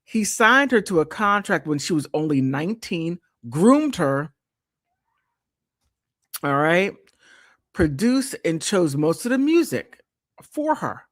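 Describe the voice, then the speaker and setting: Slow, animated woman streamer. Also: lowish voice. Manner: animated, exclaims and restarts often. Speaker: live stream host. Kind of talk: casual commentary, reading from an article.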